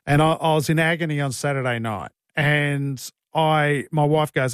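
A man's voice: on the high side, normal speed, hardly any pauses, no room sound, studio quality. Chatty Australian man on talkback radio. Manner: chatty, joking, blunt. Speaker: radio host. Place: radio studio. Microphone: studio mic.

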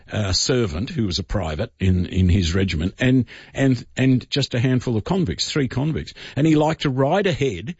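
A man's voice: medium pitch, vocal fry, darkish tone, breathy edge, no room sound. Rambling man telling history on radio. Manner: rambling, many fillers and restarts. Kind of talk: casual radio storytelling. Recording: dull dry radio studio sound.

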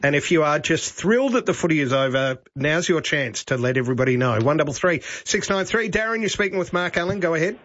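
A man's voice: fairly high pitch, expressive, fast, few pauses, fairly bright tone. Teasing Australian radio host, man. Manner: jokey, teasing. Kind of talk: talkback radio banter. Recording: dry, slightly dull broadcast audio.

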